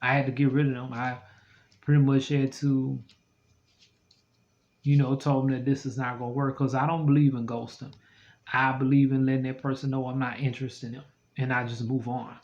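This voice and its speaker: A man of middling pitch rambles through his stories in a loose, animated vlog style, laughing easily as he goes. The recording sounds dull and lo-fi. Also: a little fast. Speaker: vlogger. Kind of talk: casual storytelling to camera.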